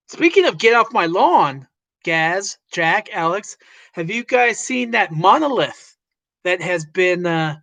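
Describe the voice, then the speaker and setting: A woman's voice: fairly low pitch, animated, slow, long pauses, fairly bright tone. A woman hosting a casual livestream chat who greets viewers by name and rambles with lots of fillers. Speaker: livestream host.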